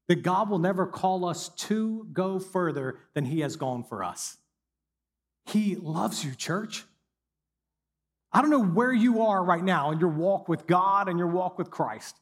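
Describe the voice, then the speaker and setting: A man's voice: high-pitched, lively intonation, unhurried, big-room sound. Emphatic preacher man. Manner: conversational, emphatic preaching with rising intensity. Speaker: pastor. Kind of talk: sermon.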